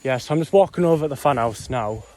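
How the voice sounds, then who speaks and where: A man's voice: mid-range voice, animated, quick pace, mellow. Young man, casual explorer vlog commentary, rambling and slightly out of breath, noisy outdoor mic. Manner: rambling, chatty, frequent ums and whatnots. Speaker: vlogger exploring old mine ruins. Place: outdoors on a windy hillside. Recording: noisy outdoor camera audio.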